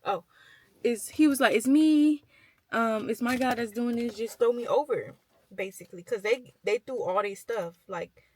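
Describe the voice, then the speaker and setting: A woman's voice: on the high side, moderate pace, rough recording. A young woman vlogger chatting as she retells a Bible story, with lots of fillers and slang.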